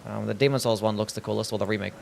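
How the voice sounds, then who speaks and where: A man's voice: fairly low pitch, steady tone, rapid-fire, gravelly. Young aussie guy streaming, swears a lot, chats with his viewers, faint room noise behind him. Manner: chatty, swearing, reads chat aloud, laughs easily. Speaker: game streamer. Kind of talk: casual livestream commentary.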